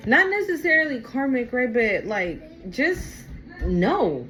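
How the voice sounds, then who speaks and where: A woman's voice: on the high side, sing-song, slow pace, a bit bright, soft background music, rough recording. Chatty woman giving a tarot reading. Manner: repetitive, emphatic, chatty. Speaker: tarot reader. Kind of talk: casual spoken tarot reading.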